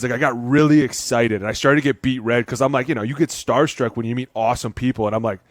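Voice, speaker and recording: A man's voice: mid-range voice, rapid-fire, dry recording, clean studio sound. A man, a former football lineman, telling stories in casual podcast chat and acting out the voices of people in his anecdotes. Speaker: former NFL lineman guest.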